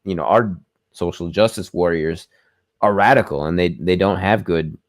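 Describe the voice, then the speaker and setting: A man's voice: sits low, normal speed, no room sound, studio quality. A man hosting a casual interview, speaking hesitantly and searching for words. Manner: hesitant, many fillers and restarts. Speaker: podcast host.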